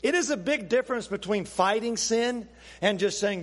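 A man preaching a sermon as pastor, animated and asking his listeners questions. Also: high-pitched, moderate pace, long reverb tail. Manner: animated, questioning the audience, acts out quotes.

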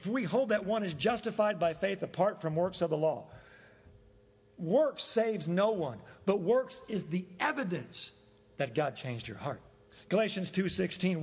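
High husky guy preaching in a church, long echo off the hall. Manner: emphatic, rhetorical questions, acts out quoted voices. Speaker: pastor. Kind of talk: sermon. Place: church sanctuary.

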